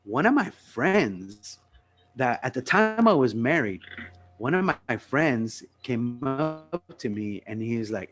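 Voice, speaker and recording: A man's voice: medium pitch, takes it slowly, faint music behind. A man telling a personal anecdote in casual, profane chat as a podcast host. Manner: excitable, profane anecdote teller.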